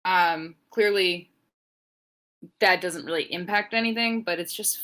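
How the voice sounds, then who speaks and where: A young woman co-hosting a wrestling podcast, chatting casually in an animated, sarcastic way with plenty of swearing. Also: fairly low pitch, a little slow. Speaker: podcast co-host. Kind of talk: casual wrestling recap chat.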